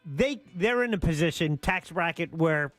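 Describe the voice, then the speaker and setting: A man co-hosting a talk radio show, talking quick and easy. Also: fairly high pitch, expressive, a bit bright, no echo, soft background music. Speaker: radio co-host.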